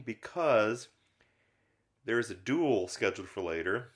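A man's voice: mid-range voice, moderate pace, a bit bright. A man co-hosting a film review podcast, talking casually and rambling with many fillers, sometimes acting out lines from scenes. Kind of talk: casual conversational film discussion.

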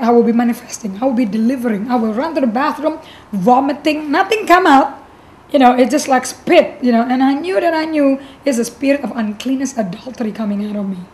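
Woman pastor with a high voice telling her testimony, earnest and emotional, lots of you know and restarts. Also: a little mellow, a little hiss or hum, poor audio. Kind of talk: personal faith testimony.

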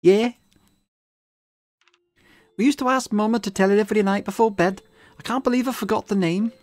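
A man's voice: sits high, moderate pace, darkish tone, no room sound, studio quality, pitched above the performer's own voice, close to an everyday voice. A man voicing an earnest young woman who loves fairy tales, defensive and flustered. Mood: wistful. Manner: flustered and defensive, speeds up when upset.

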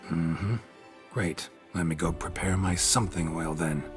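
An actor playing a gruff, terse male monster hunter with a dry way of talking. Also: sits low, fairly even intonation, measured pace. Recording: game audio with music underneath.

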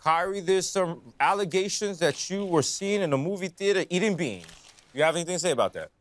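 A teasing male reporter asking provocative questions, played by a man in a comedy sketch. He talks quickly in a fairly high voice and needles the other person with a sly, mocking edge. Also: lively intonation. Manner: teasing, fast-talking questioner. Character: cheeky male reporter at a press conference. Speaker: comedy show host.

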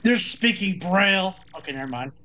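Southern male co-host, bright voice, wry quips. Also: high-pitched, animated, moderate pace. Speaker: let's play co-host. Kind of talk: casual gaming commentary.

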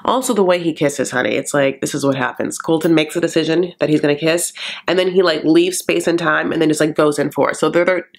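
Creaky campy man gossiping. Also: a little high, fast talker. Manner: campy, gossipy, sassy asides with "honey". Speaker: comedic TV recap host. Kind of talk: casual comedic recap.

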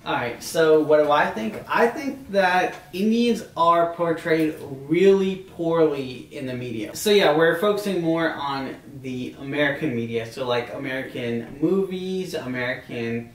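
Young male co-host, a bit high-pitched, loose casual talker, distant echoey sound. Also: lively intonation, measured pace, hardly any pauses. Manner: casual, lots of "like" and restarts. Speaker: discussion co-host. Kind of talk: casual discussion on camera. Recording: roomy sound from a distant mic.

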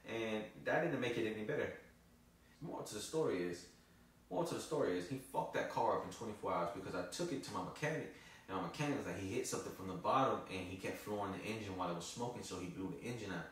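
Guy rambling fast on his vlog, cussing a lot, sounds far off and echoey. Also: mid-range voice. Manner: loose and profane, storytelling. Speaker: vlogger. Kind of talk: casual vlog talk.

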